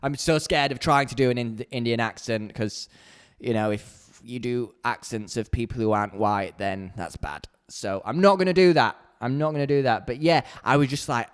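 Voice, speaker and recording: Blunt man with a smooth voice. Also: mid-range voice, moderate pace. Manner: blunt, candid, heated when ranting. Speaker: podcast host. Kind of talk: solo podcast monologue. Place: small home podcast corner.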